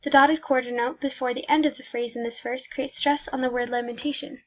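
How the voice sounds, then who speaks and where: A woman with a high voice reads a prepared music analysis aloud. She is careful and measured and trips on a word now and then. The recording is a little dull and lo-fi. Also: fairly even intonation, a bit bright. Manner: careful, measured reading with slight slips. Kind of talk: read academic music analysis.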